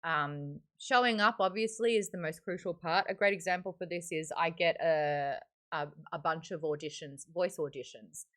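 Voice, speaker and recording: A woman's voice: on the low side, moderate pace, a bit bright. An Australian woman hosting a live-streamed book club, chatting candidly with lots of fillers. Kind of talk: casual live-stream chat.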